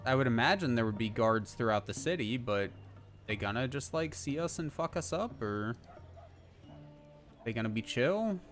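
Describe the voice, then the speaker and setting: A young male streamer chatting loosely over a game, laid-back and cussing, with a middle-pitched voice. Faint music plays underneath. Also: expressive, normal speed, fairly bright tone. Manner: laid-back, swearing, laughs often. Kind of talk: casual let's-play commentary.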